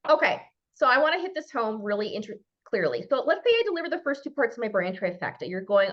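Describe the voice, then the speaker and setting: Lively woman with a Minnesota accent. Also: a little high, quick pace, hardly any pauses. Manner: lively, playful, acts out little dialogues. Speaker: guest speaker. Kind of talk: animated presentation on a video call. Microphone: video call. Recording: muffled video call audio.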